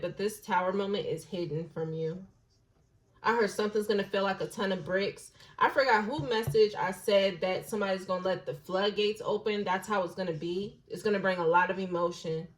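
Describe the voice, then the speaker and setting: A woman giving a casual intuitive tarot reading, slangy and blunt, musing aloud and dropping into soft hushed asides. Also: medium pitch, brisk, poor audio. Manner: slangy and blunt, with occasional swearing. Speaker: tarot reader.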